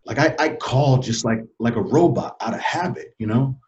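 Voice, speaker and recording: This is an interview guest in his forties telling his own story with halting earnestness. He becomes choked up and emotional, speaking low and softly over dull, lo-fi audio.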